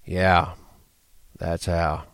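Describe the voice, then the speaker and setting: A man voicing a weary, protective ranch hand who speaks quietly and tiredly in an audiobook reading. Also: low voice, level tone, drawn-out words, dry recording, pitched below the performer's own voice, full character voice. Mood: tired hushed.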